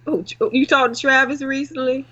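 A man's voice: very high-pitched, steady tone, brisk, bright, forceful tone, dull audio. A man voicing a fussy older mother who keeps nagging her son by name. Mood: fretting. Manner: repeats son's name, scolding and fretting.

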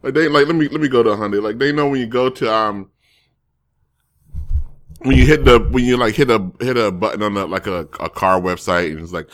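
A man's voice: mid-range voice, brisk, a bit bright. A man streaming casually, reading viewer comments and rambling through jokes and self-corrections.

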